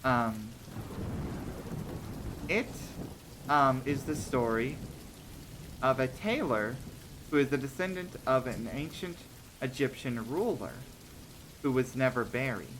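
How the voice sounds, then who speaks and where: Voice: medium pitch, animated, takes it slowly, long pauses, background noise. A streamer telling short stories on a casual livestream, hesitant with many ums and restarts, laughing between thoughts.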